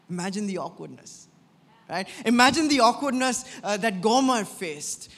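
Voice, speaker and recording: Male pastor, sermon, high voice, conversational storytelling, echoey church hall. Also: lively intonation, moderate pace, a bit bright. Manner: conversational, frequent "right?" tags.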